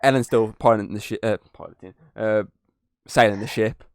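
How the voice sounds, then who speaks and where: A podcast host with a lowish voice reviews a movie in brisk, casual conversation, swearing freely and laughing at scenes. The recording is clean studio sound with no echo.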